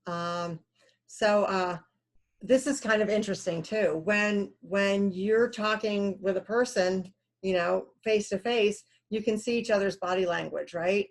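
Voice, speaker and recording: A woman's voice: mid-range voice, measured pace. Conversational woman lecturing, many fillers. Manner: acts out callers in quoted asides. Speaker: computer science instructor. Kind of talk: recorded lecture.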